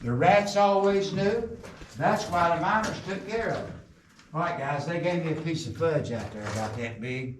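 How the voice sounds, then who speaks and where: A man's voice: a little high, moderate pace. A middle-aged man, leading a coal mine tour, who jokes with the group and tells folksy stories. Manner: folksy joking storyteller, quizzes the group. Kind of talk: guided tour talk to a group. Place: underground mine tunnel. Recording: echoey underground, voice from a distance, some noise.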